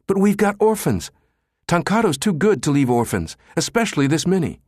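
A man reading the part of an excitable young female technician, speaking in urgent outbursts. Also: a little high, normal speed, dry recording, clean studio sound, pitched above the performer's own voice. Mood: excited urgent.

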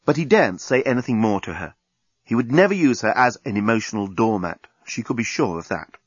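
A man narrating an audiobook in a lively, expressive reading. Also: lowish voice, a little fast, breathy edge, dry recording. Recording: dull dry recording.

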